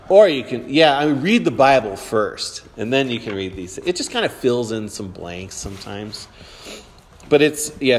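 A man leading a casual Bible class in a church hall, talking in a loose, rambling way full of fillers. His voice sits at an ordinary middle pitch and carries a long reverberant tail from the hall around him. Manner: chatty, rambling, with many fillers. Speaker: church teacher. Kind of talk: informal Bible class talk.

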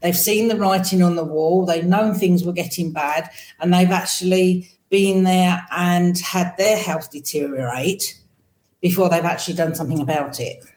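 An English woman answering interview questions as a podcast guest over a video call, with thoughtful, halting phrasing. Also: on the low side, fairly even intonation, a little mellow, echoey room, rough recording. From England. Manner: thoughtful, many restarts and fillers.

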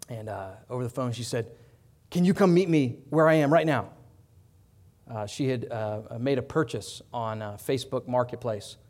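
A man preaching a sermon in an earnest way, rising loud on his appeals and dropping soft on quiet lines. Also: mid-range voice. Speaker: pastor.

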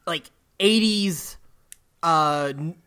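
A woman in a casual chat, teasing and quick-witted, laughing often. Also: on the low side, fairly bright tone, smooth. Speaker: podcast co-host.

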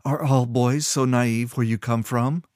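Man voicing Kayleen, a breathy teasing young woman. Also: medium pitch, fairly even intonation, measured pace, a little mellow, no echo, studio quality, close to an everyday voice.

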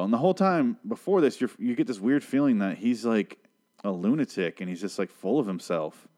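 Low-voiced, foul-mouthed man ranting casually. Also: lively intonation, a little fast, mellow. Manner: profane, rambling, sarcastic. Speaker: podcast host recapping a TV show. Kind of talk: casual solo recap and rant.

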